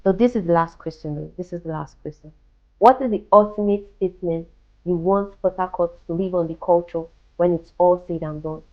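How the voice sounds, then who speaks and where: A woman's voice: lowish voice, a little fast, lo-fi sound. A woman hosting a podcast interview, asking direct questions and repeating them. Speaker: podcast host. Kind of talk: interview host.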